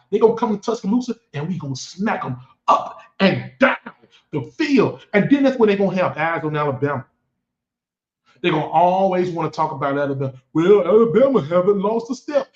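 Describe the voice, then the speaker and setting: High-voiced man trash-talking football. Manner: boastful, taunting, animated. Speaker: sports fan vlogger. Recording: echoey room, dull lo-fi sound.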